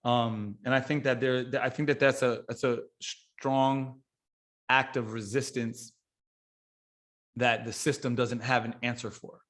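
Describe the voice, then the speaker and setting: A man talking casually as a podcast guest, blunt and swearing freely, rambling with restarts and building into lively everyday examples. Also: medium pitch, unhurried. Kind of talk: casual conversation.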